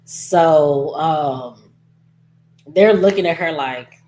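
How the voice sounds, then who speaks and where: A woman's voice: sits low, very slow, mellow. A woman casually recapping a soap opera episode, chatty and gossipy, acting out lines and laughing as she goes.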